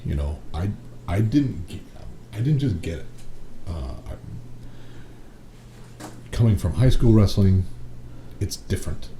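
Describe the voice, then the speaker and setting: A man telling stories from his wrestling career in a casual interview, animated, swearing freely and acting out what people said. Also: low voice. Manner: animated storyteller, swears freely, acts out quotes. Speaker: wrestling guest. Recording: echoey room with noticeable noise.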